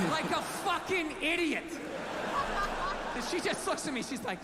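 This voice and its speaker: A male stand-up comedian with a very high voice, ranting through a story in a profane and animated way. His pitch sits far above that of most men. The clip carries a clear layer of background noise. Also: unhurried, long pauses, a loud crowd.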